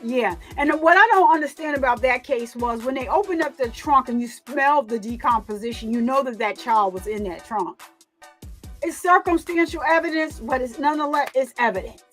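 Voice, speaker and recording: Woman, high voice, casual livestream crime commentator, emphatic and repetitive, faint music underneath. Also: animated, moderate pace, fairly bright tone. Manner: emphatic, repeats words, talks back to chat.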